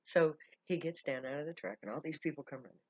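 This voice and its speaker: A woman's voice: low-pitched, quick pace, breathy edge, no echo. A middle-aged woman telling a story in a casual way and laughing often as she goes. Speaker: camp leader.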